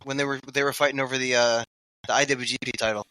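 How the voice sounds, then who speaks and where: A man in his forties, a podcast guest, quick and jokey in casual chat. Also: mid-range voice, fairly even intonation, sharp tone, no echo.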